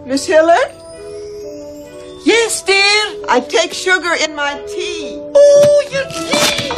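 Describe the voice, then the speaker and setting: A man putting on the falsetto voice of a prim elderly tea lady, with a sing-song lilt. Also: animated, slow pace, fairly bright tone, faint music behind, full character voice. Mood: twittering.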